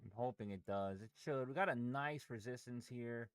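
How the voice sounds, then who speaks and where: A man commentating his live trades, swearing heavily and swinging from low muttering to angry yelling. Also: moderate pace, smooth, no echo. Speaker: day trader streaming live.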